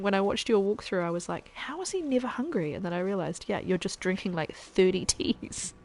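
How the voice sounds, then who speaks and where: A woman's voice: medium pitch, darkish tone, poor audio. Chatty laughing woman streamer. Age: adult parent. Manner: chatty, laughs often, trails off mid-sentence. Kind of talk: casual gameplay chat with viewers.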